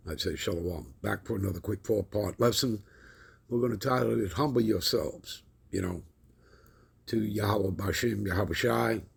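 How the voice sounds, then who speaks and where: A man giving a scripture lesson with a deliberate, preacherly emphasis. He keeps checking in with his listeners. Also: on the low side, creaky, breathy edge. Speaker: Bible teacher.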